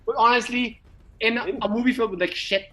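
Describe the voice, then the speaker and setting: A man's voice: extremely high pitch, fairly even intonation, fast, crowd noise, poor audio. A man co-hosting a podcast in casual chat, rambling with stammered restarts and swearing for emphasis. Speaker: podcast co-host.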